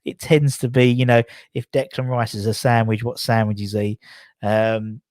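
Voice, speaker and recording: A man's voice: on the low side, little pitch movement, moderate pace, a little mellow, no room sound, studio quality. A man hosting a rambling, self-mocking casual chat from home, full of fillers and restarts. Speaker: host of a chat stream. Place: home room, in a swivel chair.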